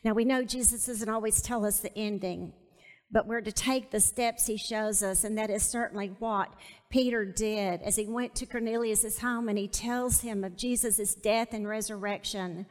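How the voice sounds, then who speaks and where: A woman's voice: medium pitch, fairly even intonation, normal speed. A woman teaching a Bible study sermon, emphatic, repeating key phrases and asking her listeners to say them back to her. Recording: long hall reverb.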